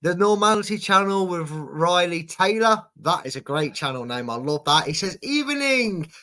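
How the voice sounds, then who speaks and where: Chatty football show host. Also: male voice, on the high side, normal speed, bright, forceful tone. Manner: chatty, teasing, reads out viewer predictions. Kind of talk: casual football prediction chat.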